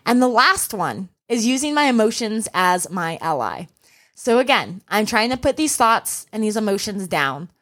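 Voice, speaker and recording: A woman's voice: medium pitch, big pitch swings, normal speed, a bit bright. A young adult woman hosting a solo podcast as a running coach, telling a race story and giving earnest, encouraging advice. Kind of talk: casual solo podcast talk.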